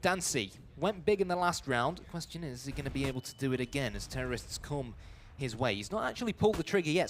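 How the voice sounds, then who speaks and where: A man giving live esports play-by-play commentary, building to shouts on big plays. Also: mid-range voice, animated, quick pace, hardly any pauses, background noise.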